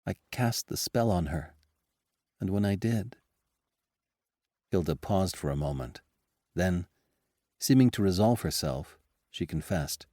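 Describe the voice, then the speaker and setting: Deep, lively male audiobook narrator. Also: unhurried, pauses often, dry recording, clean studio sound. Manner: lively, expressive first-person storytelling.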